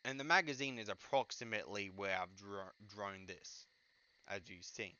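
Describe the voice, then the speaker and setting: A man's voice: lowish voice, sharp tone, dull audio, a little hiss or hum. A young man giving casual game suggestions, stuttering often and trailing off with filler words. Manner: halting, filler-heavy, trails off with "but yeah". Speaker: gaming YouTuber.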